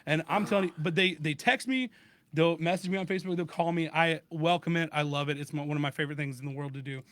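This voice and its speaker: A man in a casual podcast chat with friends, telling a story in an animated way and acting out both sides of phone calls. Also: fairly high pitch, quick pace, dry recording. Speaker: podcast co-host.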